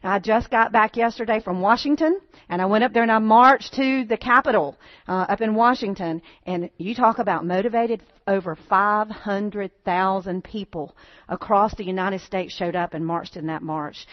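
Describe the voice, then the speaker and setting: A woman's voice: medium pitch, moderate pace, no echo, highs cut off. Earnest woman addressing a church. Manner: earnest, folksy, rallying the congregation. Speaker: pregnancy center speaker at a church. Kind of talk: church talk with slides. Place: church sanctuary.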